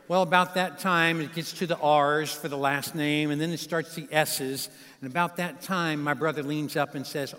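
Older guy preaching in a big church, tells stories with little asides to the crowd, voice a bit high, lots of hall echo. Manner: folksy, warm storytelling with audience asides. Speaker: guest pastor. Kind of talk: sermon with storytelling. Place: large church sanctuary. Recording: live church hall reverb.

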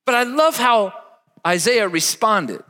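A man's voice: sits high, animated, slow, pushed and bright, long reverb tail. A man preaching a sermon emphatically, leading his listeners to repeat words after him. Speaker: pastor.

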